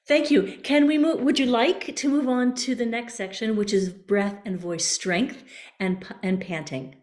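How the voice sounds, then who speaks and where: A woman's voice: on the high side, moderate pace, darkish tone, echoey room. A woman voice coach leading a workshop, guiding breathing exercises with playful images and encouragement. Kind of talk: online voice workshop.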